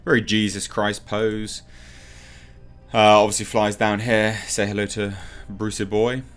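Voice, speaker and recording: A man's voice: fairly low pitch, level tone, unhurried, soft background music. Rambling, opinionated male trailer reviewer. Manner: rambling, opinionated, thinks aloud with frequent ums. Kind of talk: casual reaction commentary.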